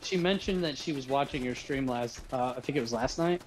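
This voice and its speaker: A man's voice: medium pitch, a little fast, low-quality recording. A man guesting on a casual gaming chat, laughing often and restarting his sentences.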